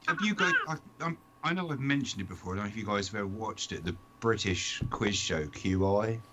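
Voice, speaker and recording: A man co-hosting a casual live-streamed talk show, telling anecdotes with deadpan, dark humor. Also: on the low side, brisk, slight background noise. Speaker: co-host. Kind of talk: casual chat.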